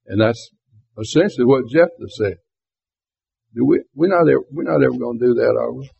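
Teaching a Bible class in a conversational style, a man poses rhetorical questions to his listeners at a brisk pace. His medium-pitched voice is creaky with a breathy edge, and the recording is tinny, lo-fi, and phone-like.

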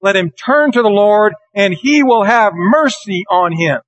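A man preaching a morning lesson, reading scripture verses slowly and earnestly. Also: sits high, expressive, lo-fi sound. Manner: earnest, deliberate, slows for scripture.

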